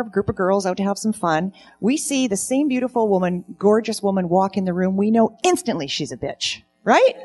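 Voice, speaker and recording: Middle-aged woman doing deadpan stand-up. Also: fairly low pitch, breathy edge. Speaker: stand-up comedian. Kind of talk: stand-up comedy routine. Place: event stage.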